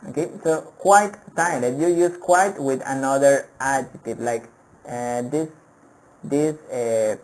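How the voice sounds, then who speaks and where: Slow-talking male English teacher. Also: medium pitch, darkish tone, rough recording. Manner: patient, repeats words for pronunciation drills; hesitant with many fillers and restarts. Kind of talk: online vocabulary lesson.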